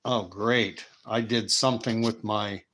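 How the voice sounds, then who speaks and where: A man's voice: fairly low pitch, steady tone, measured pace, pushed and bright, slight background noise. A man from Canada and the United States with a Canadian accent, hosting a casual live stream where he wanders off on tangents and reads viewer chat messages aloud. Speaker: host.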